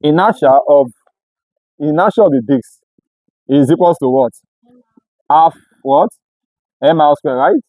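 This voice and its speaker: A man's voice: fairly high pitch, warm tone, no room sound, low-quality recording. Questioning male physics tutor. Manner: call-and-response questioning. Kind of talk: classroom lecture.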